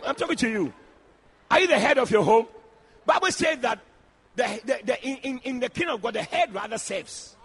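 A male preacher delivers a fiery church sermon, his voice high and bright. He swings his pitch widely and often breaks into shouts, with a husky edge. He speaks straight to the congregation. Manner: shouting, animated, addressing the congregation directly.

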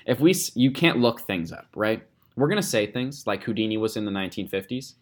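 Male podcast co-host, lower register, loose and playful banter. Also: lively intonation, brisk. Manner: chatty, playful, uses lots of fillers. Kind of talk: casual chat.

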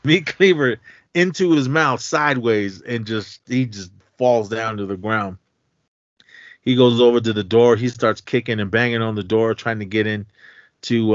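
A man's voice: on the low side, no room sound. A man co-hosting a podcast, retelling a horror film's plot casually and acting out the characters' lines. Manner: retells scenes with quick acted-out quotes. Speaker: podcast co-host. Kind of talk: casual film recap. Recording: dull dry podcast audio.

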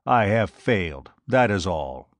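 A man voicing a giant usurper warrior, defiant and mocking, in a gruff, taunting tone for an audiobook. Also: sits low, big pitch swings, a little slow, dry recording. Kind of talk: audiobook narration.

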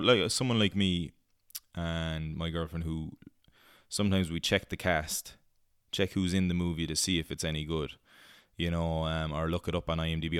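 Deep-voiced Irish man, rambling review chat. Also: clean tone, no room sound, clean studio sound. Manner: rambling and chatty, with many fillers and casual swearing. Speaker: film reviewer. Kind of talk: casual solo review chat.

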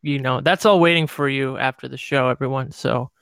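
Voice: medium pitch, fairly even intonation, brisk, vocal fry, a bit bright, clean tone, no echo. A host of a casual radio show talking in a loose, wry, playful way. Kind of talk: casual chat.

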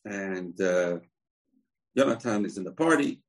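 A man teaching a religious lesson, retelling a scripture story in a loose, animated way and acting out the characters' quotes. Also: deep voice, a little slow, rough recording.

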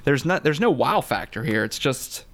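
A man's voice: medium pitch, big pitch swings, normal speed, vocal fry, a bit bright. Playful male co-host chatting casually over beers. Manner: playful, jokey, sings snippets of lyrics. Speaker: podcast co-host. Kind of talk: casual beer-tasting chat.

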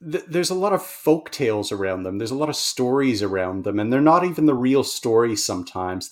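A man who studies language, a guest in a conversational interview, explaining with enthusiasm and many fillers. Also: mid-range voice.

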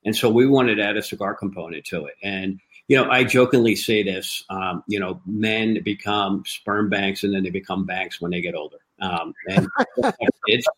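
A man from a cigar company, a guest telling animated stories and acting out the dialogue. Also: on the low side, normal speed, low-quality recording. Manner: lively storyteller who acts out quoted dialogue. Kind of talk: animated anecdotal storytelling.

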